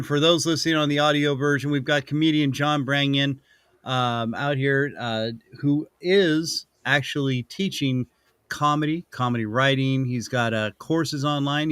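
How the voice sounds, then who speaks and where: A male host keeps the interview loose, throwing in quick quips and laughing easily. His voice sounds dry and close, with no room around it. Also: mid-range voice, fairly bright tone, clean tone, no room sound. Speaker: show host. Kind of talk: casual interview chat.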